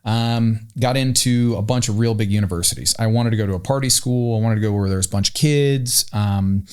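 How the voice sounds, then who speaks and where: A man from Pennsylvania with a somewhat low voice tells stories on a podcast. He talks casually with "um" and "uh," and he brings the anecdotes to life by acting out the voices of the people in them. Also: brisk, smooth. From Pennsylvania, USA. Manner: animated anecdotes, acting out quoted voices with "um" and "uh" fillers. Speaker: podcast guest, company founder. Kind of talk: casual storytelling.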